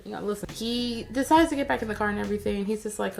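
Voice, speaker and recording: A woman's voice: mid-range voice, fast talker, gravelly, hardly any pauses. A woman giving a casual, sarcastic recap of a TV episode, chatty and full of slang. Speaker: TV recap vlogger.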